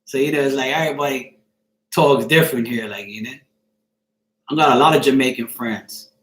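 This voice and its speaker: Brisk and fairly bright, this mid-range male voice belongs to a Bermudian live streamer reading his chat. He talks casually, cracking jokes, swearing offhandedly and addressing viewers by name, with the room giving off an echo.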